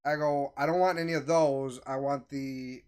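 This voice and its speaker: A man casually telling a story to friends, acting out the voices of the people in it with animated energy. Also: medium pitch, normal speed, clear, resonant tone. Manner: animated, acts out quoted voices.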